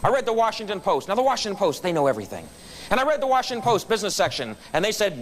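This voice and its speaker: Animated, fast-talking male storyteller. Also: high voice. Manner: animated storyteller acting out quotes. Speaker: speaker at a club meeting. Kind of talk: storytelling speech. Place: meeting room.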